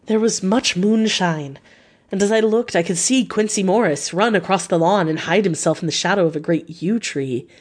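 A woman's voice: medium pitch, breathy edge. Woman narrating a gothic audiobook. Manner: measured, expressive reading.

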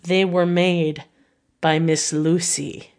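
A woman's voice: on the low side, flat delivery, slow, a little mellow. A woman reading an audiobook and voicing an elderly, earnest Dutch professor who speaks in solemn, broken formal phrasing. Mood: grave.

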